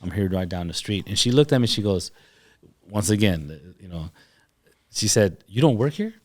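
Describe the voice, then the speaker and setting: Animated man telling stories on a podcast. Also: deep voice, moderate pace. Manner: animated storyteller, acts out dialogue. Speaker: podcast guest, chiropractor. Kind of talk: casual storytelling.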